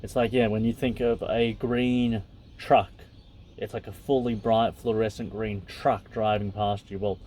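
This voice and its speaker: A man reading passages from a text aloud and pausing to muse on them in a loose, casual way, with fillers and asides. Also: fairly low pitch, a little mellow, a little hiss or hum. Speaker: podcast host.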